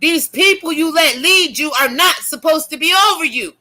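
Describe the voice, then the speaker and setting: A middle-aged woman delivering a fiery, profane religious rant as an online commentator, shifting between loud preaching and low muttering. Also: normal speed.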